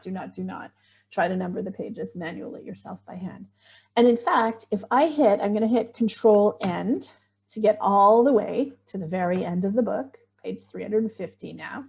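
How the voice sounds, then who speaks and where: Her voice medium in pitch and dark in tone, a middle-aged writing workshop instructor talks through a screen-share tutorial. She chats as she goes, thinking out loud and dropping little exclamations of surprise.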